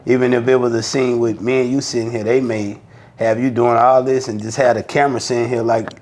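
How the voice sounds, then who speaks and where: A man's voice: medium pitch, brisk. A man with a Southern Alabama accent tells a story on a podcast, his speech loose and full of slang and cursing. He leans into every quote, acting out what each person said with plenty of life. His voice sits in a middle range for a man. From Mobile, Alabama. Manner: animated, acts out quotes, profane slang. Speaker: podcast guest. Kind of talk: casual storytelling chat.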